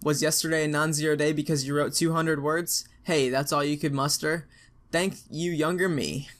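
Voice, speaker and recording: A young man reads a long advice post aloud, his voice sitting a little on the high side. He talks frank and casual, full of slang and cursing, pressing each point home. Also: a bit bright. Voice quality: frank and profane, with slangy asides. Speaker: narrator reading out an online post.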